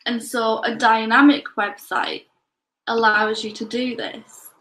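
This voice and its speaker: A woman's voice: on the high side, steady tone, slow pace, a bit bright, rough recording. A woman with a North Yorkshire accent, slightly tinged with Scottish, co-hosting a casual chat and explaining things. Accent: North Yorkshire with a little Scottish. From North Yorkshire, England. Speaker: co-host.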